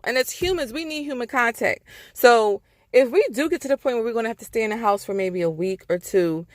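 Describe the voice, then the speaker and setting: A woman's voice: a little high, lively intonation, fast talker, hardly any pauses, no room sound, studio quality. A woman vlogger in a heated, profane casual rant, getting worked up as she talks. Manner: profane, exasperated, heated ranting. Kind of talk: casual ranting monologue.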